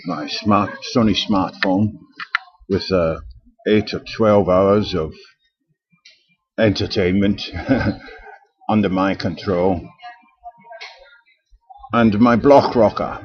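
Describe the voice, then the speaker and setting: A low-pitched older man from Britain rambles through an aggrieved monologue, full of hesitations and restarts. The recording sounds dull and lo-fi. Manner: digressive, aggrieved, with frequent hesitations. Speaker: vlogger.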